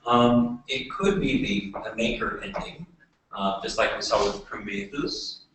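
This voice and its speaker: A man giving a classroom lecture, talking haltingly with many fillers and restarts. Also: on the low side, big pitch swings, a bit bright. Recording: echoey room, voice from far off.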